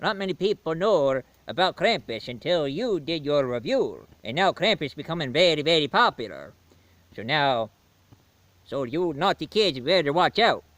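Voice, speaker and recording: A hearty, rambling Santa Claus, as a man puts him on with a mock Swedish accent and a big ho-ho laugh. His voice swings high and lively and stays bright. It sounds dry and close, like a homemade comedy sketch. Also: a little slow, long pauses, no room sound. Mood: jolly. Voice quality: booming ho-ho laugh.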